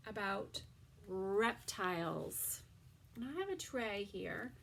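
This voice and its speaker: A woman teaching a toddler circle-time lesson, drawing out words slowly and often dropping into a soft whisper. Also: mid-range voice, sing-song, slightly rough. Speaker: preschool teacher.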